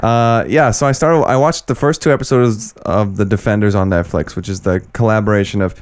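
A man's voice: lowish voice, fairly quick. A man co-hosting a podcast, joking crudely in casual chat. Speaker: podcast co-host.

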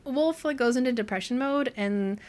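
A woman co-hosting a casual book club podcast, retelling scenes in an animated way and acting out the characters' lines. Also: mid-range voice, brisk. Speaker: podcast co-host.

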